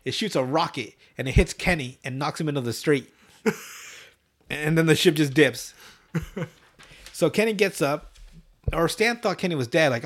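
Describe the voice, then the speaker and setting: A man's voice: fairly high pitch, normal speed, long pauses. A man hosting a podcast, casually recapping a cartoon episode in a loose, profane way and laughing often. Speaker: podcast host.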